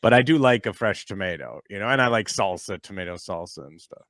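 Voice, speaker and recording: A man's voice: lowish voice, expressive, a little fast, fairly bright tone, no room sound, studio quality. A man co-hosting a casual podcast, chatting easily and groaning in disgust. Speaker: podcast co-host. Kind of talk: casual chat.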